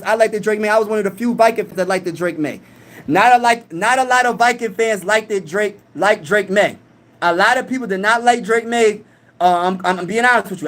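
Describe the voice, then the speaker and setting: A man's voice: high-pitched, a bit bright. A young man hosting a live stream in casual chat, reading comments aloud and talking boastfully.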